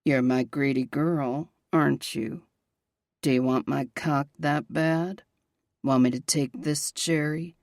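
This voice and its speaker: A woman voicing a possessive young man, murmuring low and intimately in a romance audiobook. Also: steady tone, slow, a little mellow, no echo, studio quality.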